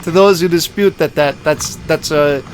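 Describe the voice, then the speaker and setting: A man's voice: on the high side, normal speed, a little hiss or hum. A man giving indignant opinion commentary over a video he is playing, emphatic and prone to repeating words. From Canada.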